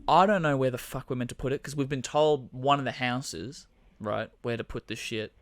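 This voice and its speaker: A man's voice: mid-range voice, moderate pace, dry recording, studio quality. A young man, podcast co-host, chatting casually and telling his own work story with some swearing. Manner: laid-back, swears, backchannels often.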